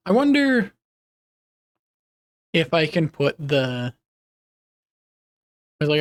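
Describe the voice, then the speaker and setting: Chatty higher-voiced young streamer guy. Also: big pitch swings, measured pace, long pauses. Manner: rambling, reads chat aloud, laughs easily. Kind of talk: casual live-stream chat.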